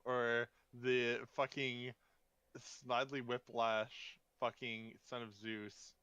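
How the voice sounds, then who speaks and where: A man's voice: mid-range voice, little pitch movement, sharp tone, clean tone, no room sound, dull audio. A man reacting to a story reading with crude, swearing jokes in casual chat. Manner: crude, swears often, quick joking reactions.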